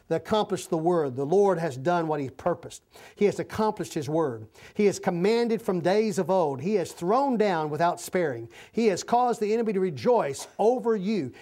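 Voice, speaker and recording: A preacher giving a Bible-teaching sermon, earnest and halting at times, reading scripture passages aloud and correcting slips along the way. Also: medium pitch, a little mellow. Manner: halting, with restarts and self-corrections.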